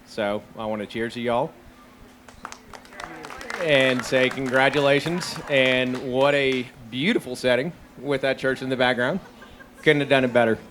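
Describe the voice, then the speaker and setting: A man's voice: medium pitch, fairly even intonation, unhurried, a bit bright, slight background noise. A young man giving a heartfelt, laughing rehearsal dinner toast to a childhood friend.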